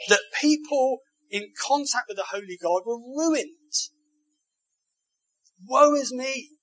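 High, bright-voiced man preaching a sermon. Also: slightly rough, no echo, low-quality recording. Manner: rhetorical tag questions to the congregation; emphatic, building phrases.

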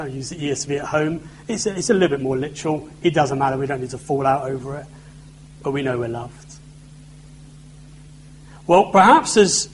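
A man's voice: on the high side, slight background noise, poor audio. A man preaching a sermon in a conversational way, with self-deprecating humor.

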